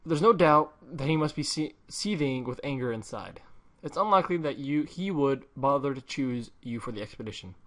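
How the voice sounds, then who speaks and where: A man's voice: mid-range voice, animated, moderate pace, a bit bright, lightly acted. A man voicing a bossy, fussy male parrot guild assistant, reading game dialogue aloud in a stern, lecturing way.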